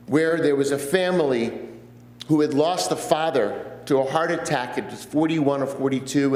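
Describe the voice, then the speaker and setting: A man in his fifties, a guest rabbi, preaching a sermon and telling stories earnestly, with pauses. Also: mid-range voice. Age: 50s. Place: church sanctuary. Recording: echoey church sanctuary.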